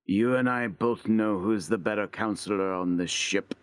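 A man's voice: on the low side, moderate pace, voice pushed down, close to an everyday voice. A man doing a huge, growling bartender. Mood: menacing. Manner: growling, brooding threats. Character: huge, menacing male bartender, seven feet tall.

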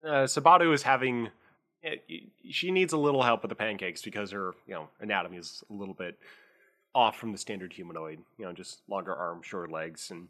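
A man's voice: fairly low pitch, steady tone, brisk, pushed and bright. Rambling man narrating a tabletop game. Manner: rambling, many fillers. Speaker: game master.

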